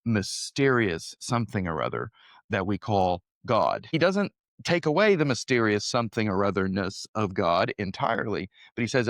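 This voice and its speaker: A man's voice: fairly low pitch, big pitch swings, normal speed, fairly bright tone, no echo, studio quality. A young man co-hosting a conversational Bible study podcast, speaking in an earnest, thoughtful way and laughing easily. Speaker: podcast co-host.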